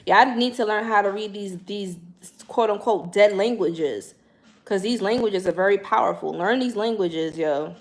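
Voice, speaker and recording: A woman's voice: medium pitch, moderate pace. Slangy New woman chatting to viewers. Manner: slangy, animated, addresses viewers directly. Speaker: spiritual livestream host. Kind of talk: casual livestream chat.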